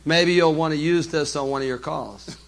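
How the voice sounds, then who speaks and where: Guy giving a business seminar, kinda high voice, upbeat and jokey with the audience. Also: normal speed, gravelly. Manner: lively, jokey, addresses the audience directly. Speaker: seminar speaker. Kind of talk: live business seminar talk.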